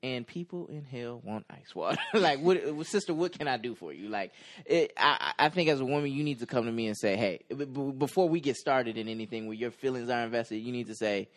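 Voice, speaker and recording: A man's voice: mid-range voice, animated, a little fast, hardly any pauses. A man co-hosting a podcast in casual chat, playful and acting out quoted lines. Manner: playful, stammering restarts, acts out quotes. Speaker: podcast co-host.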